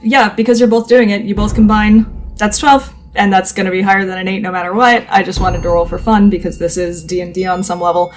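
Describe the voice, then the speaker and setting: A woman narrating a tabletop role-playing game as game master, quick and loose with fillers. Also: medium pitch, fairly even intonation, soft background music. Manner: quick, filler-heavy storytelling.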